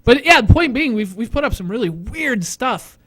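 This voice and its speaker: A man's voice: extremely high pitch, lively intonation, moderate pace, bright, forceful tone, breathy edge. A man hosting a live stream, rambling and self-mocking as he chats and laughs often. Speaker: host. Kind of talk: casual live stream chat. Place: studio.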